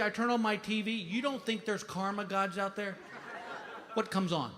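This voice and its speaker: A man's voice: very high-pitched, a little fast, background noise. A man, telling a frantic, self-mocking stand-up story on stage. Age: 50s. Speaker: stand-up comedian. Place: theater stage. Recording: live stage mic in a reverberant hall.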